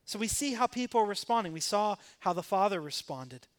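A man's voice: high voice, sing-song, a little fast. A man preaching a sermon in a church, voicing the father and sons in the story with dramatic emphasis. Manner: dramatic, acts out the sons' and father's words. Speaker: pastor. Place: church sanctuary.

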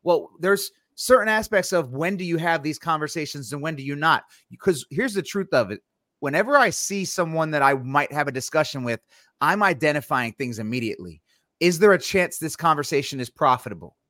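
An emphatic man co-hosting a live podcast, his voice sitting a little high and heard close and dry with no room around it. He argues with energy and keeps slipping into short imagined exchanges. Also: lively intonation, bright, forceful tone, no room sound. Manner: emphatic, acts out quick imagined dialogue. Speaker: podcast co-host. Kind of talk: animated live-stream podcast talk.

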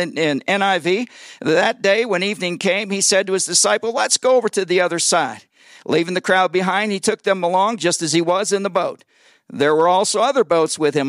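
High-voiced joking preacher man. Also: dry recording, studio quality. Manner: lively and joking, calls on the congregation for responses; stumbles and repeats words when excited. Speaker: guest pastor. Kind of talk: sermon. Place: church service before a congregation.

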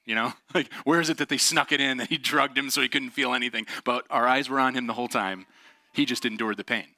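A man giving a motivational talk, telling personal stories in an animated, earnest way and laughing often. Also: mid-range voice, fast talker, gravelly, dry recording, clean studio sound. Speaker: speaker.

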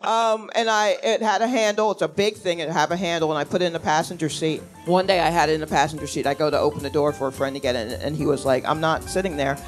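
Casting: animated woman comic, story told with a grin, faint music under. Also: low voice, quick pace, hardly any pauses. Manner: lively, jokey, laughs at her own punchlines. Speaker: comedian, storytelling guest.

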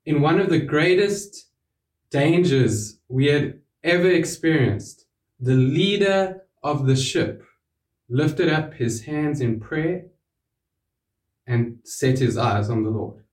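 A man's voice: fairly high pitch, slow. Earnest man preaching from afar. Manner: earnest, with sudden drops to a hush on key words. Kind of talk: sermon. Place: church hall. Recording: roomy, from a distance.

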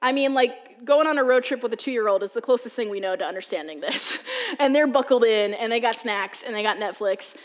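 A woman's voice: fairly high pitch, brisk, in a large hall. A woman from the US East Coast giving a casual sermon, telling funny stories in a chatty way full of "like". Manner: humorous, chatty storytelling with frequent "like". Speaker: preacher. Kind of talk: conversational sermon.

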